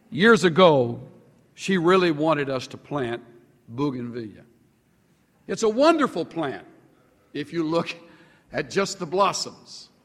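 A man delivers a sermon in an unhurried, deliberate way, leaning hard on single words. His pitch sits a bit high and leaps widely as he stresses a point. The sound carries the long reverb of a large hall. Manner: animated, sweeping pitch swings with slow drawn-out emphasis. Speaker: pastor.

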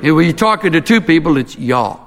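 A man's voice: on the high side, fast, a bit bright, long reverb tail. A preacher voicing a Southern man who majored in speech, coaching pronunciation in a drawling, instructive way.

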